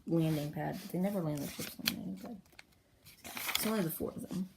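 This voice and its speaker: A woman excitedly retelling the story of her own comic journal in a rambling, casual way, jumping into brief character voices. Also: deep voice, brisk, creaky, background noise.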